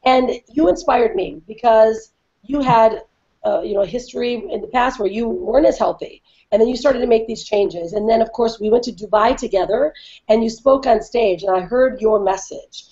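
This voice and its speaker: A woman's voice: a little high, dark tone. Chatty American woman hosting a video call. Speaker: host. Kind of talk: casual interview on a group video call. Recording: dull lo-fi video call audio.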